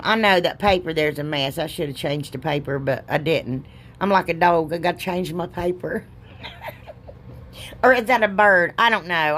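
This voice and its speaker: A middle-aged woman, rambling and joking at herself as she narrates a craft project with folksy exclamations. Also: fairly low pitch. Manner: chatty, rambling, self-deprecating, folksy exclamations. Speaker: craft video host. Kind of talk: casual crafting voice-over.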